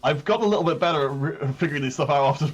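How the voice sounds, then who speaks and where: A man casting a live esports tournament, explaining standings and calling the action with rising excitement on big plays. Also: a little high, rapid-fire, dull audio, a crowd in the background. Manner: excitable, builds hype on big moments. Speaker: tournament caster. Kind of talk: live esports play-by-play commentary.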